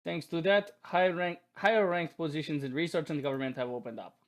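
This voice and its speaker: A man voicing a brooding, self-doubting young male mage in a put-on Russian accent, speaking in formal, halting phrases. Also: a little high, lightly acted. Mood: solemn.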